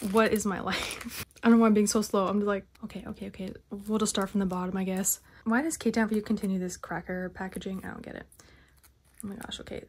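A young woman vlogging a haul of collector albums, chatting casually and gushing like an excited fan with whispered asides. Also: mid-range voice. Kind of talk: casual unboxing haul vlog.

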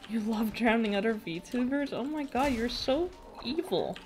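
A woman's voice: on the high side, lively intonation, a little slow, faint music behind. A young woman streaming a video game, chatting casually, swearing and laughing as she reacts to the play. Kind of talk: casual gaming stream chat.

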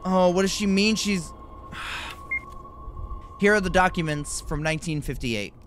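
Guy yelping thru a horror game, kinda high voice, slow talker, faint game noise behind. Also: wildly swooping pitch, fairly bright tone. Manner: jumpy, nervous reactions, frequent exclamations. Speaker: gaming YouTuber. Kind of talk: horror game let's play commentary.

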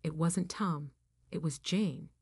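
A woman narrating a first-person story in a firm, even reading voice. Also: deep voice, takes it slowly, breathy edge, no room sound, clean studio sound.

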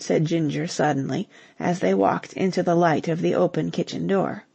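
Husky, gravelly woman narrating a novel. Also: fairly low pitch, moderate pace, hardly any pauses, a little mellow, no room sound. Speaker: audiobook narrator. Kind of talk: scripted narration.

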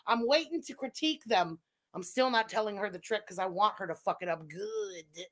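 A woman's voice: high voice, expressive, quick pace, a bit bright. A woman hosting a livestream with casual commentary, giggling often and talking in a crude, mocking way. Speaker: livestream host.

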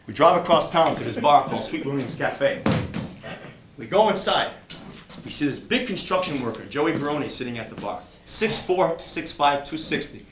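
A man's voice: a little high, expressive, moderate pace. Man narrating a story on an echoey stage. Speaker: comedian telling a story about his youth. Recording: echoey live stage recording with noise.

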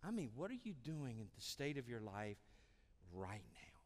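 Pastor preaching in a reverberant church. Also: male voice, medium pitch, moderate pace. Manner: animated, emphatic preaching. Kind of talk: sermon. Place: church sanctuary.

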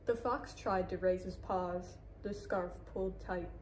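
A woman librarian reading a children's picture book aloud in a gentle, even storytelling voice. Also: on the low side, measured pace, slight background noise, low-quality recording.

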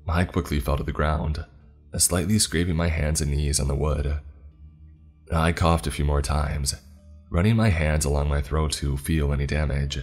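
A man narrating a scripted horror story in the first person, with measured, dramatic storytelling. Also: a bass voice, steady tone, darkish tone. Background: faint music.

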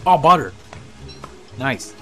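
A man's voice: mid-range voice, animated, slow, music in the background. A man giving casual let's-play commentary, chatting to the characters on screen, laughing and swearing as he plays. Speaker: gameplay commentator.

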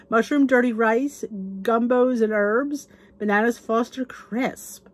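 Gushing husky woman reviewing a cookbook. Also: fairly high pitch, steady tone, moderate pace. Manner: gushing, reads recipe names aloud, drops into whispers. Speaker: cooking channel host reviewing a cookbook. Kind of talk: casual chat.

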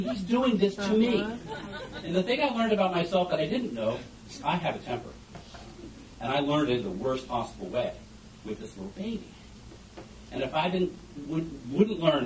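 A man's voice: a little high, slight background noise. Man telling parenting stories on stage. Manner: animated storytelling with audience questions. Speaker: speaker giving a short stage talk on parenting. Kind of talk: humorous public talk. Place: event hall before an audience. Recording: echoey room heard from a distance.

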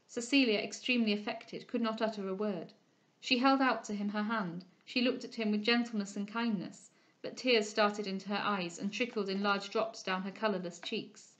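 A woman reading a classic novel aloud as an audiobook reader, with expressive, measured storytelling. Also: medium pitch, lo-fi sound.

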